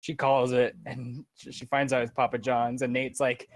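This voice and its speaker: A man chats on a casual podcast in a halting way. He stumbles over his words, repeats himself, and fills the pauses with "uh". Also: mid-range voice, level tone, dry recording. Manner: halting, stammering repeats and fillers. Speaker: podcast co-host.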